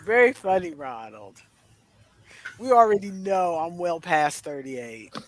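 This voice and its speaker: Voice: medium pitch, sing-song, measured pace, no room sound. A podcast co-host in their thirties, sick with a cough this week, chatting casually and teasing wryly. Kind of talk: casual chat.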